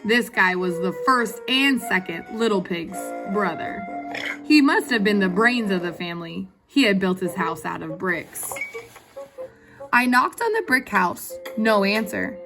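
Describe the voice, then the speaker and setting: A woman's voice: mid-range voice, expressive, a little slow. A woman reading a storybook aloud as a sniffly, self-pitying male wolf who tells his own side, confiding and indignant, with music underneath. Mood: aggrieved. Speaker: guest reader.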